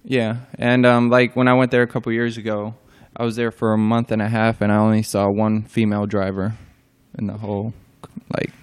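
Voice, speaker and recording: A young man answering interview questions hesitantly, with many pauses and fillers and short replies. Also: on the low side, little pitch movement, smooth. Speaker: interview guest.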